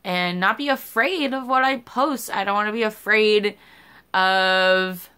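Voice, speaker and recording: Young woman vlogger, bright crisp voice, candid and rambling, cusses casually. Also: medium pitch, unhurried. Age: young adult. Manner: candid, rambling, swears freely. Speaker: YouTuber. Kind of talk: casual vlog chat.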